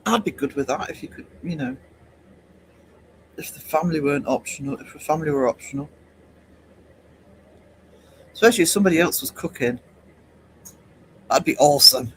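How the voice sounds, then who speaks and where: A man's voice: fairly high pitch, a little fast, pauses often, a little hiss or hum, poor audio. A man hosting a casual livestream chat, rambling between topics, chuckling often and reading viewers' comments aloud. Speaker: livestream host.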